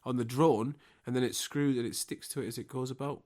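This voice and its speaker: A man's voice: mid-range voice, steady tone, darkish tone. A man co-hosting a podcast over a remote call, bantering and ranting with plenty of swearing. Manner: sweary, ranting, quick to mock. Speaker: podcast co-host. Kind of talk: casual banter.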